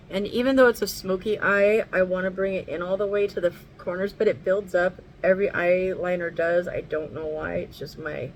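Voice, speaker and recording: A makeup vlogger chats casually through an at-home tutorial, rambling, swearing now and then, and talking sweetly to her dog. Her voice is on the low side, and the low-quality recording has a little hiss or hum.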